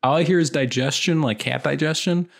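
A man's voice: fairly high pitch, a little fast, creaky. A man co-hosting a casual podcast, teasing and joking with his co-host. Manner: teasing, playful, jokey.

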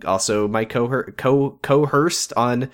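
A man's voice: medium pitch, unhurried. A man co-hosting a casual comedy podcast, rambling and cutting himself off mid-sentence. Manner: rambling, self-interrupting. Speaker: podcast co-host.

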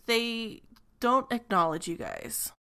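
Woman game master, gravelly smooth voice, halting scene narration. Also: fairly high pitch, wildly swooping pitch, pushed and bright. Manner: descriptive, hesitant with frequent ums.

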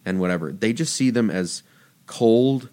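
A man's voice: on the low side, lively intonation, normal speed, warm tone. A man talking casually about faith on a podcast, telling stories animatedly and jumping his voice up for quoted lines. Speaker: podcast host.

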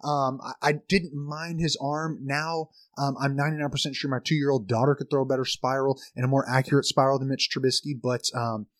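A young man co-hosting a sports podcast, talking fast with lots of restarts and repeated words. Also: medium pitch, dry recording. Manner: animated, stammering restarts. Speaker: podcast co-host. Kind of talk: casual sports chat.

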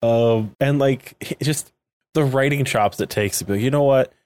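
A man's voice: medium pitch, moderate pace, a little mellow. A man with an ordinary mid-range voice chats through a recap of a show. He rambles and laughs often, and his talk is full of fillers. The tone stays easygoing throughout. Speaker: podcast co-host. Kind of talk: casual chat recapping episodes.

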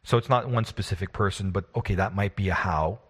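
A husky, low-voiced man who runs the game, recapping the session in a loose, rambling way and poking fun at himself. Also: fast talker. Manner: rambling and self-deprecating. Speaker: game master. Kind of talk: casual recap of a tabletop game.

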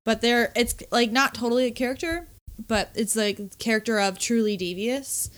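A young woman on a book podcast talks in a fairly high voice, animated and chatty. She keeps firing off rhetorical questions as she sorts through the story. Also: moderate pace. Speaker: podcast co-host. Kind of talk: casual book discussion.

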